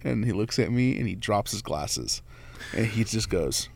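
Animated young man telling a story. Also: fairly low pitch, moderate pace, vocal fry, slightly rough. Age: 20s. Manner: animated, acts out voices in his stories, laughs often. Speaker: delivery driver. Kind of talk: casual storytelling among friends.

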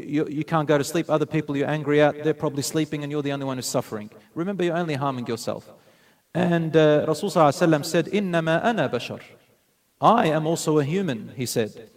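A man preaching to his listeners, his voice sitting a little higher than most men's. He tells his stories earnestly and with animation, and he mixes Arabic phrases into his English. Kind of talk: sermon.

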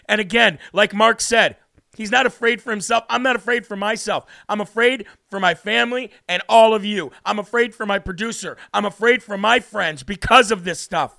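A man hosting a talk radio show, delivering a worked-up monologue with a preacher's cadence. His voice sits high and gravelly, with a sharp bright edge. He hammers points home by repeating them, recorded close and dry in the studio. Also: moderate pace, dry recording. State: emotionally worked up.

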